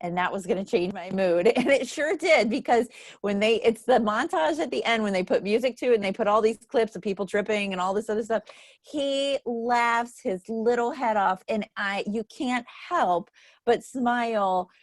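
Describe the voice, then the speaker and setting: A woman's voice: a little high, moderate pace, dry recording. A woman hosting a book club, telling casual stories and laughing often. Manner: chatty storyteller who laughs often. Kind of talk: casual chat.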